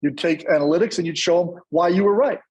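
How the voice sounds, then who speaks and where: A man's voice: sits high, fast talker, a little mellow, highs cut off. A man in his fifties hosting a podcast, emphatic, repeating his key lines. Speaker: podcast host.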